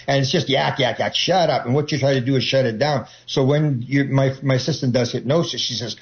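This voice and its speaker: Male interview guest, rambling storyteller, mid pitch, slightly dull lo-fi recording. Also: fairly even intonation, fast, few pauses. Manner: rambling, many restarts, acts out quoted voices. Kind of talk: casual rambling talk.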